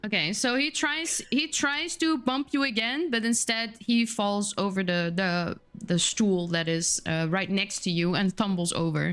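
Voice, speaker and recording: A woman narrating as a tabletop game master in a chatty, descriptive way, with many pauses and fillers. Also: mid-range voice, a bit bright, clean tone. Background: faint music.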